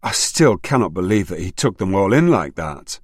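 A male narrator voicing a furious middle-aged farm mother who shouts shrilly. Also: rumbling low, very animated, normal speed, husky, no room sound, studio quality, exaggerated voice. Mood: hurt.

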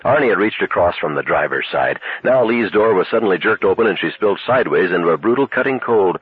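A man narrating a novel in a steady, measured voice. He sits low in pitch, with a very husky, breathy grain. The sound is thin and phone-like. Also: dry recording. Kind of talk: audiobook narration. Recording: tinny narrow-band recording.

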